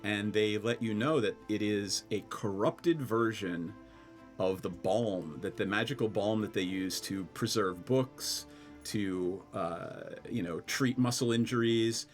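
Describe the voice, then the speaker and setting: A man from Scranton, Pennsylvania, narrating as game master of a tabletop game, playful and halting with many fillers. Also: lowish voice, soft background music.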